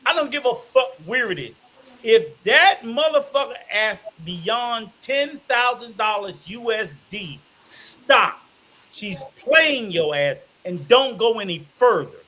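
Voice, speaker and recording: Male co-host, fiery profane ranter, bright tense tone. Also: very high voice, expressive, slow. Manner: emphatic, profane, ranting. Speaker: podcast co-host. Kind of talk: heated casual debate.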